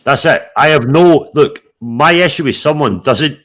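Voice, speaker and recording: A man's voice: on the high side, a little slow. A blunt man hosting a casual live stream. He swears constantly and tells stories with a lot of energy, lecturing and teasing the people around him. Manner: blunt, heavy swearing, animated storytelling. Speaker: show host.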